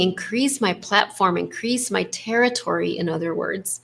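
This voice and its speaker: Woman host, spiritual leadership coach; gentle, affirming, mid-range voice, slips into acted inner voices. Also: medium pitch. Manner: gentle, affirming, frequent "right?" tag; acts out inner voices with shifts in tone. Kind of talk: spiritual coaching talk to a live group.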